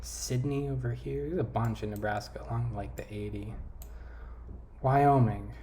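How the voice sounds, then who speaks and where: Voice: medium pitch, normal speed, background noise. A vlogger thinking aloud while playing a map quiz, trailing off and correcting themself, recorded on a desk mic. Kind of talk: casual talk over a map quiz game.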